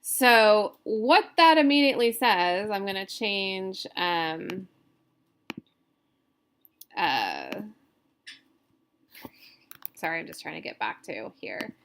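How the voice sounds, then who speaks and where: Woman, instructor, slow-paced poetry lecture, mid-pitched, loose explaining with fillers. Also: sing-song, gravelly, fairly bright tone, slight background noise. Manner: loose, filler-heavy explaining with self-corrections. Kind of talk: recorded lecture on poetry meter.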